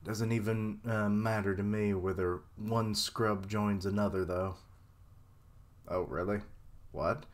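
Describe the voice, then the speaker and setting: A man giving casual live reaction commentary, excitable and swearing freely. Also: fairly low pitch, slow pace. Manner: excitable, swears freely, laughs and voices characters.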